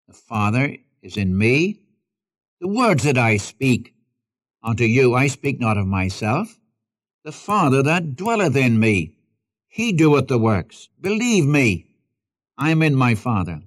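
Emphatic male preacher quoting scripture. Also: mid-range voice. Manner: emphatic, repeats key phrases, quotes scripture in King James wording; addresses listeners directly, asking them to follow in their Bibles. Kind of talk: sermon.

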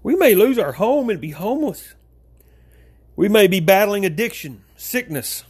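A man preaching an informal sermon, talking straight to his listeners as folks, with big swings in pitch. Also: big pitch swings, normal speed, a little mellow, slightly rough.

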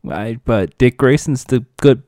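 A man co-hosting a podcast, rambling and animated in casual chat, often laughing. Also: medium pitch, a little slow, no echo, studio quality.

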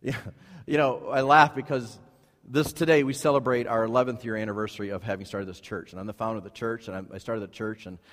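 A male pastor preaches to his congregation in a church, his voice trailing into a long hall reverb. He drives points home by repeating phrases and swings between quiet, low asides and loud, high peaks. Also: steady tone, quick pace. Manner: emphatic preaching with repeated phrases and sudden rises in pitch and volume. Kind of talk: sermon. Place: church sanctuary.

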